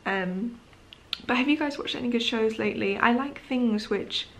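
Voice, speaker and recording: A woman's voice: fairly high pitch, normal speed, fairly bright tone. A woman talking casually to her camera at home in the evening, sleepy and yawning, rambling with lots of fillers and apologies. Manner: rambling, chatty, apologetic, many "um"s and "like"s. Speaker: vlogger.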